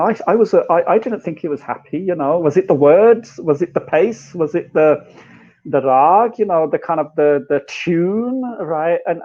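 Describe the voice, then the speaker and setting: British man, fairly high voice, animated storyteller, lo-fi call sound. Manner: animated storyteller, mixes in Punjabi phrases, says "right?" and "you know" often. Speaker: guest musician and academic. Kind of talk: casual explanatory chat.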